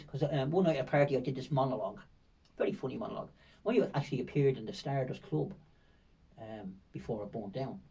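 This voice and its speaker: An older man with a Dublin accent tells vivid, winding stories as a podcast guest, looping back with fillers and repeated words. His voice is dark and mellow. He sits a little away from the microphone. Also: medium pitch, fast, vocal fry, breathy edge, recorded from a distance, poor audio. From Ireland. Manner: rambling, vivid storytelling with frequent fillers and repetitions. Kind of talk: storytelling in a podcast interview.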